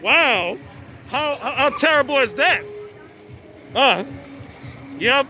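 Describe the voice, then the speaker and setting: A man's voice: very high voice, animated, slow, over music. A man live-streaming a family party outdoors, chatting to the camera and often stammering and repeating words. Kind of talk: casual live-stream commentary. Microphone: handheld phone camera. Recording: noisy outdoor phone stream with crowd.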